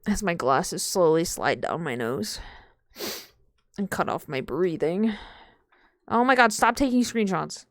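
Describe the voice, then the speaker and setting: A young woman chats loosely while she plays a game on stream, drifting between topics and breaking into laughter. Her voice is low and gravelly, and her pitch swings widely. She is recorded dry and close at home. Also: animated, measured pace, pauses often, no echo. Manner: rambling, sweary, laughs often. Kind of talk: casual gaming stream chat.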